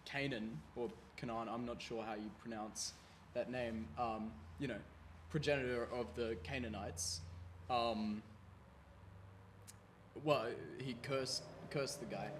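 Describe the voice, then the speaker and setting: A young adult man co-hosting a casual podcast, retelling things in a deliberate way. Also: mid-range voice, fairly even intonation, a little hiss or hum. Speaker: podcast co-host. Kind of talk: casual chat.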